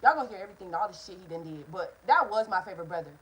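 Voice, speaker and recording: A woman's voice: on the low side, lively intonation, very fast, breathy edge, rough recording. A young woman, telling a candid, heated story straight to her viewers in a casual storytime vlog from her apartment, swearing freely. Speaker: vlogger. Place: hot apartment room, indoors.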